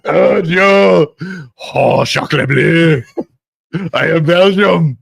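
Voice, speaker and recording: A man's voice: a little high, slow, vocal fry, slightly rough, dry recording, clean studio sound, voice pushed up, heavily acted. A man doing a silly fake Belgian accent. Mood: mocking. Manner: exaggerated mock accent.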